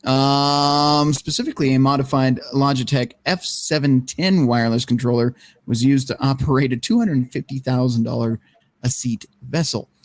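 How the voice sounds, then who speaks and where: A man's voice: medium pitch, normal speed. Profane laughing male podcast host. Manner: profane, laughing, steers the talk back on topic. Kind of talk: casual panel chat, reading news aloud.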